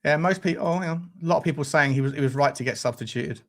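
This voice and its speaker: A man's voice: a little high, very fast, a bit bright. A man hosting a live fan stream, who talks bluntly with crude jokes and reads out the chat. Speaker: fan show presenter.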